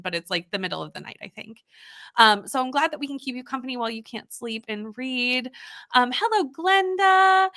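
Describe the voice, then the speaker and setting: A young woman with a high, bright voice hosts a relaxed reading livestream. She chats along easily and greets each viewer by name as she reads their comments out. Her tone is friendly and conversational. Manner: chatty and warm toward viewers, greets them by name.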